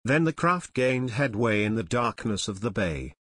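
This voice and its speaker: A man reading a novel aloud as an audiobook narrator, steady and measured. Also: lowish voice, breathy edge, no room sound. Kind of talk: scripted narration.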